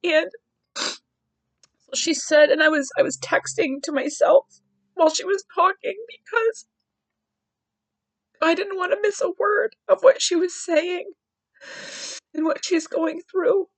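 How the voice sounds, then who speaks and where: A woman's voice: extremely high pitch, takes it slowly, pauses often, no room sound, rough recording. A woman hosting a podcast, sharing a personal story in an earnest, heartfelt way with frequent restarts. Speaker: podcast host.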